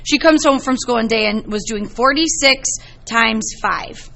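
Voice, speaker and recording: Middle-aged woman math teacher, bright tone, lively storytelling to a class. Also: a little high, unhurried, creaky. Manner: lively, chatty storytelling to students.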